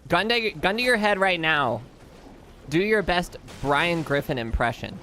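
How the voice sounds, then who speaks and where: A man's voice: a little high, expressive, unhurried, bright, forceful tone, slight background noise. A young man streaming a game, bantering with his chat in a joking, exasperated way. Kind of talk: casual live-stream commentary.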